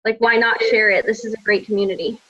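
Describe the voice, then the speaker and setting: A woman's voice: mid-range voice, fairly even intonation, quick pace, bright, forceful tone. Gushing woman on a lo-fi call. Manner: gushing, heartfelt, lots of "like". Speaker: team coach on a group call. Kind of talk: emotional casual sharing. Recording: dull lo-fi call audio.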